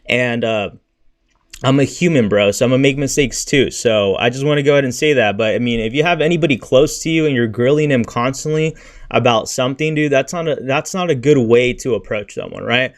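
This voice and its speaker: A man's voice: medium pitch, fairly quick. A man streaming about crypto trading, talking in a blunt, slangy, frustrated way and venting about his losses. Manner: blunt and slangy, says "freaking", "bro" and "dude" often. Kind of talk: casual livestream rant and market talk.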